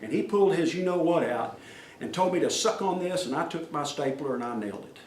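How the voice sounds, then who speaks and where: Fairly quick and expressive, a middle-aged man with a higher-pitched voice shares down-to-earth, folksy tales at a workplace safety meeting, acting out each quoted voice. The distant recording picks up room echo and slight noise.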